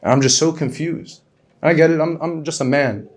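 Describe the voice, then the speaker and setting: A man speaking as a grieving father, in an earnest, halting speech with repeated questions. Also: fairly high pitch. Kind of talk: emotional public speech.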